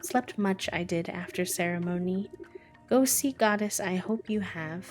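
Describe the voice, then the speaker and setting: A woman voicing a solemn tribal chieftain from a game, reading the lines slowly in clipped, backwards phrasing. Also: lowish voice, over music, close to an everyday voice. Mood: grave. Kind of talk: reading game dialogue aloud.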